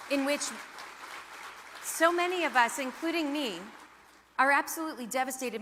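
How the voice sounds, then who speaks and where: Female panel speaker, high and bright, impassioned rhetorical delivery, echoing hall. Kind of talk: impassioned public address. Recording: reverberant conference hall.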